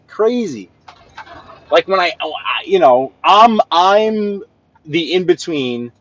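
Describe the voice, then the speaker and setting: A man's voice: a little high, no room sound, highs cut off. A man venting while he drives, talking to chat in a live driving vlog and repeating himself as he rants. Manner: exasperated ranting, repeats himself. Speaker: livestreamer and sales rep. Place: inside a moving vehicle.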